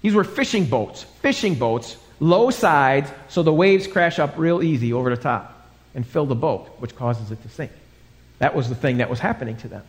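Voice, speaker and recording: A man's voice: medium pitch, lively intonation, normal speed. A male pastor preaching a live sermon, telling a story dramatically and acting out the voices in it. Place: church sanctuary. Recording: live church hall with long reverb.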